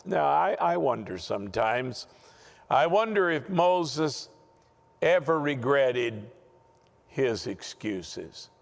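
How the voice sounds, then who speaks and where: Slow, lively-pitched preacher man. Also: creaky, in a large hall. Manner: emphatic, repeats words at restarts. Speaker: Bible teacher. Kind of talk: sermon-style Bible lesson.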